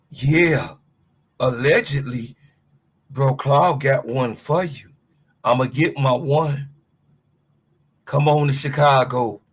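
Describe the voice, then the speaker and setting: A man's voice: mid-range voice, slightly rough. A middle-aged man hosting a sports talk livestream, ranting in a fired-up, blunt way and swearing freely as he speaks to his chat and co-host. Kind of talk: heated livestream rant.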